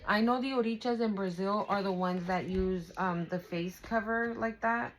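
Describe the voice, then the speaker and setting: A woman's voice: medium pitch, moderate pace, a little hiss or hum, poor audio. A young woman giving a casual spiritual tarot reading, emphatic, emotional and profane, talking straight to her viewers. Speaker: tarot reader.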